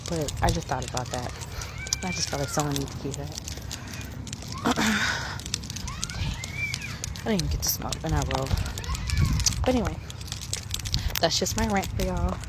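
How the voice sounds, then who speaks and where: A woman's voice: low voice, animated, normal speed, pauses often. A woman in her thirties talking frankly and emphatically to camera while out on a morning walk, swearing freely. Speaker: vlogger. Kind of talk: casual rant to camera. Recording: noisy outdoor phone recording.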